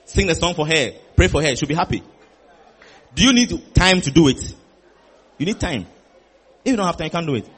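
A male preacher with a high, husky voice delivers an animated sermon. He repeats phrases for emphasis and slips into playful acted-out conversations with the congregation. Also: a little fast, long pauses. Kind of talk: lively sermon with acted dialogue.

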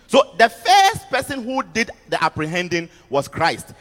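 A man preaching a sermon to students, animated, repeating words and asking the audience questions. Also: high-pitched, moderate pace, few pauses. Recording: music underneath, long hall reverb.

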